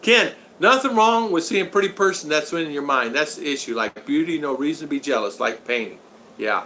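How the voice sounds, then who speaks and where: A man hosts a laid-back live stream, thanking viewers and reading their comments aloud. His voice sits a little high and has a bright, forward edge. He halts and repeats himself often. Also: expressive, slight background noise. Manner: halting, repeats words, many thank-yous.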